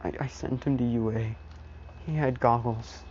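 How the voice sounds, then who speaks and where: A man's voice: mid-range voice, steady tone, normal speed, a little mellow, lo-fi sound, slight background noise, close to an everyday voice. A man doing a stern, protective teacher father. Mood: firm, protective. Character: stern adult male teacher comforting his adopted son.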